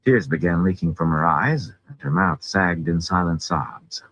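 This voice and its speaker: A man reading a fantasy novel aloud in an expressive way. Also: low voice, unhurried, breathy edge, muffled recording. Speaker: audiobook reader.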